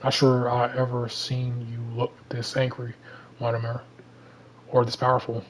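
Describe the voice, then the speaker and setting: Man reading sly Cajun thief, Southern voice, flat delivery, mid pitch. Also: a little slow, a little hiss or hum, close to an everyday voice, low-quality recording. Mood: charming. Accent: Southern American. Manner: reads lines plainly in his own voice. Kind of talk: casual comic read-through.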